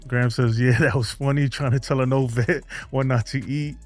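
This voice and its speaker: Streaming from home for his baseball fan channel, this man speaks briskly in a steady, mid-range voice, with faint music behind him. He reads viewer comments in casual chat, laughing frequently and peppering his talk with "man" and "bro."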